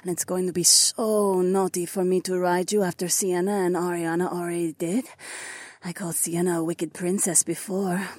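A woman voicing a teasing, demanding young princess wife in an adult audio drama, with a breathy, drawn-out delivery. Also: fairly low pitch, level tone, darkish tone, dry recording, studio quality, natural voice.

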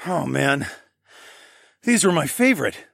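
A man voicing an eager, roguish young male adventurer sidekick who talks in an excitable, shouty way. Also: a little slow, gravelly, husky, no echo, studio quality, full character voice. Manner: excitable, shouty, high-pitched. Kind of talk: audiobook character voice.

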